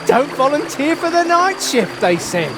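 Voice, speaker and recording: A man voicing a drowsy, excitable night watchman in a video game, swinging between sleepy mumbles and fired-up outbursts. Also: sits high, unhurried, music in the background, full character voice, low-quality recording. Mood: jittery.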